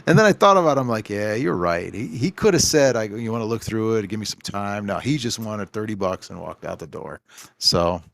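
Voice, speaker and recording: A man's voice: lowish voice, lively intonation, a little fast, creaky, no echo. A man who owns a game store, telling rambling anecdotes on a casual podcast and acting out the dialogue.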